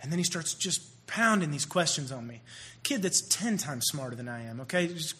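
A man preaching, telling stories with swings between hushed passages and loud bursts. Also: a little high, lively intonation, normal speed. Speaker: youth minister. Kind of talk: sermon storytelling.

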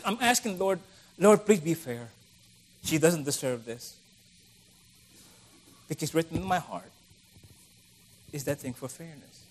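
A man's voice: a little high, slight background noise. A middle-aged man preaching a conversational sermon, acting out the voices of the people he quotes.

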